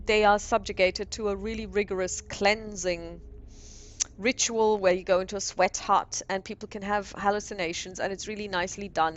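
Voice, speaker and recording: Rambling woman reviewer on a dull lo-fi mic. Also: mid-range voice. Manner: chatty and rambling, with many ums and restarts. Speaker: tabletop game module reviewer. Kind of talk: casual spoken review. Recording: dull lo-fi sound.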